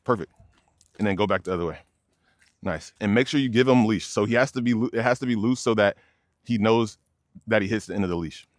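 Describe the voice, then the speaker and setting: A man's voice: lowish voice, a little fast, pauses often, dry recording, clean studio sound. A young man, a dog trainer, explaining leash work casually outdoors and addressing viewers as y'all. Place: outdoors by a fence near many dogs.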